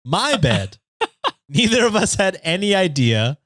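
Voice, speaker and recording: Man, podcast co-host, casual story reading, laughs often, lively pitch, dry sound. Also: measured pace, no echo. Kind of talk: casual chat and reading aloud.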